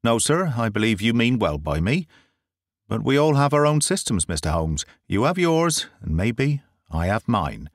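A stubborn, sly country inspector, as a man reading aloud puts him on, politely guarded and dogged in a storybook telling. His pitch rises and falls in a lively way, and the recording is close and dry with no room around it. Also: normal speed, no echo.

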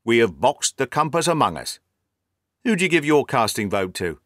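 A man's voice: mid-range voice, big pitch swings, moderate pace, a bit bright, dry recording, clean studio sound. A man reading the lines of a hearty, self-assured police inspector in a storybook. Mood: brisk.

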